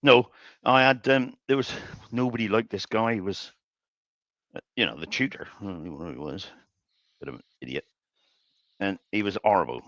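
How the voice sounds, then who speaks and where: A man's voice: on the low side, normal speed, long pauses, fairly bright tone, no room sound. An older man hosts a live woodturning stream, rambling through workshop anecdotes with chuckles and frequent restarts. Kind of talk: casual storytelling while working. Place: home workshop. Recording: dull lo-fi stream audio.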